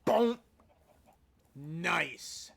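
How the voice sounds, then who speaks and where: A woman streaming a video game, chatting casually, animated and exasperated, sometimes shouting at her teammates. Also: fairly low pitch, extremely slow, gravelly, a crowd in the background. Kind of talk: casual gaming chat.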